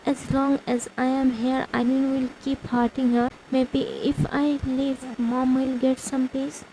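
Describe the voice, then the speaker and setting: A woman narrating a fan fiction story in the first person, in a slow, subdued way. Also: high voice, flat delivery, mellow, slight background noise, low-quality recording.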